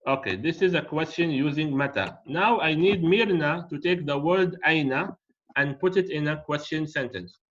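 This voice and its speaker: Patient male teacher, slow and deliberate. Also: on the high side, animated, fairly bright tone. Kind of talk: classroom language lesson. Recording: dull lo-fi audio.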